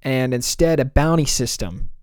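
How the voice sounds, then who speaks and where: A man's voice: medium pitch, moderate pace, no echo. Dry, jokey podcast man. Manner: laughs often, jokey storytelling. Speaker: podcast co-host. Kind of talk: casual chat.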